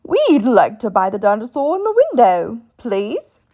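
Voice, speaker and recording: A woman's voice: fairly high pitch, wildly swooping pitch, measured pace, dark tone. A woman doing a hearty storybook father pig. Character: good-natured, bumbling father pig. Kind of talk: storybook read-aloud.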